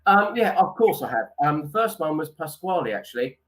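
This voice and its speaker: Chatting casually as a guest on a chat show, an impressionist rambles along in a fairly high, sing-song voice, speaking a little fast, addressing people as "mate" and breaking into impressions now and then.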